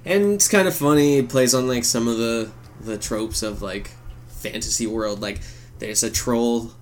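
Animated, swearing podcast co-host guy. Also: mid-range voice, measured pace, slight background noise. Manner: animated, swears a lot, acts out scenes in silly voices. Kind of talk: casual chat.

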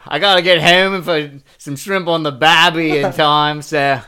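A man voicing a loud, cheerful Australian stereotype with a put-on Australian accent as a comedic impression. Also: a little high, fairly even intonation, unhurried, clean tone, voice pushed up. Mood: jolly. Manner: boisterous, mock-jolly.

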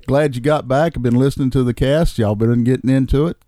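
A man's voice: medium pitch, steady tone, fairly quick, dark tone, dry recording, studio quality. A man who is a returning podcast guest, telling jokes in an easygoing storytelling way. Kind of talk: casual chat and joke telling.

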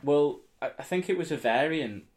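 A man's voice: on the high side, lively intonation, moderate pace, darkish tone. A man, co-hosting a casual podcast chat in a laid-back, dry way. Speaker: podcast co-host.

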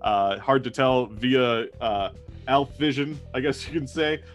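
Halting male game master. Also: mid-range voice, faint music behind. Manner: halting, full of fillers and restarts. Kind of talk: narrating a tabletop role-playing game.

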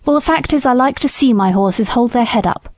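Self-assured army captain, offhand and breezy, mellow dry voice from a woman reader. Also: on the high side, a little fast, no room sound, close to an everyday voice.

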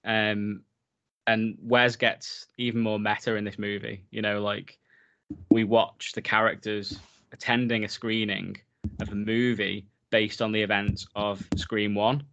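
Low-voiced man, rambling podcast chat. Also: little pitch movement, measured pace, gravelly, fairly bright tone, dull audio. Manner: enthusiastic, rambling with many fillers. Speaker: podcast co-host. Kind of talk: casual film podcast chat.

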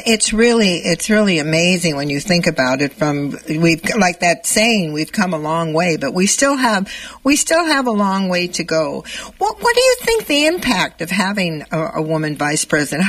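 A woman's voice: fairly low pitch, normal speed. A woman in her eighties hosting a live radio talk show, telling a personal story and lifting her voice when she quotes herself. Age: 80s. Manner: animated, voice rises when quoting herself. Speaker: radio host.

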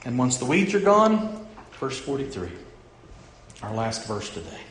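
A middle-aged male pastor preaching a sermon, who keeps asking the congregation questions and moves between loud emphasis and hushed lines. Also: mid-range voice, sing-song, a little slow, a little hiss or hum. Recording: echoey room.

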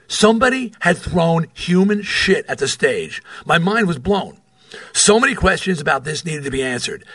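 Reading from his memoir on his podcast, a middle-aged man from New York tells animated rock stories, adding wry, profane remarks that stray off the page. He sounds husky and fairly high-pitched at a normal speed, with no room sound.

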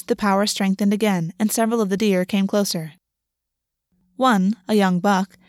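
A woman narrating a fantasy novel in an even, measured reading. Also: mid-range voice, no room sound, clean studio sound. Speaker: audiobook narrator.

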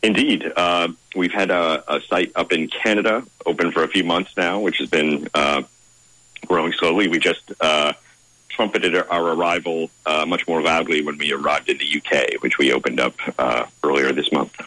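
Very deep-voiced man, measured and formal. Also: steady tone, sharp tone, dry recording, low-quality recording. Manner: measured, formal, with frequent "uh" pauses. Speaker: guest, director of content at a car website. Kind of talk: radio interview answers.

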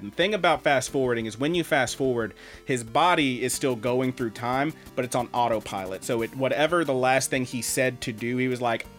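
A man co-hosting a podcast, telling a story in casual chat, animated and swearing freely. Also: medium pitch. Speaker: podcast co-host.

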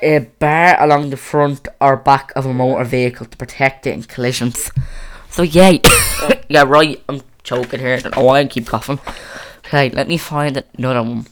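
A teenage podcast host chatting casually, rambling with lots of restarts, close on a boom mic. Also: fairly even intonation, moderate pace, a little hiss or hum. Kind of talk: casual chat. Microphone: boom mic on a stand.

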